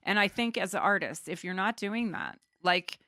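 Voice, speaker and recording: A woman's voice: mid-range voice, normal speed, pushed and bright, no echo, clean studio sound. A woman from Canada, an artist guest, talking earnestly and enthusiastically about energy and creativity in a casual chat. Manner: earnest, spiritual, enthusiastic, talks of energy and vibration.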